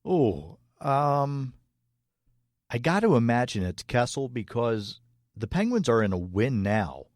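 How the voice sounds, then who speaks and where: A man's voice: medium pitch, big pitch swings, slow pace, darkish tone, dry recording, studio quality. A man co-hosting a casual hockey podcast, easygoing, laughing often and talking with many fillers. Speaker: podcast co-host. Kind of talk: casual sports chat.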